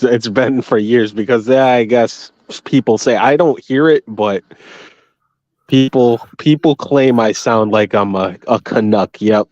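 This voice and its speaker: A man with a Massachusetts accent, a guest on a casual livestream chat, blunt and profane and quick to laugh. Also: lowish voice, darkish tone, no echo. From Massachusetts, United States. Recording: dry, dull lo-fi audio.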